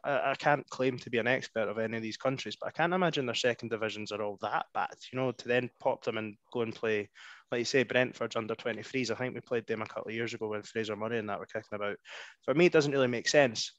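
A Scottish man hosting a football podcast in casual chat, relaxed and questioning with loose phrasing. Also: mid-range voice, fast talker, dry recording. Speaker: podcast host. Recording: dull lo-fi podcast audio.

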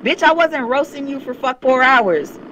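Young woman going off on a profane rant, bright sharp voice, faint hum behind. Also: high-pitched, expressive, moderate pace, rough recording. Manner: heated, profane, confrontational. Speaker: YouTube commentator. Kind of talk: angry rant to camera.

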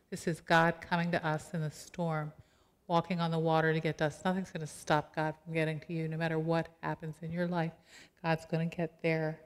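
Woman pastor preaching in a reverberant church. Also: sits low. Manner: conversational, animated storytelling with quoted voices. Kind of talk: sermon. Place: church sanctuary.

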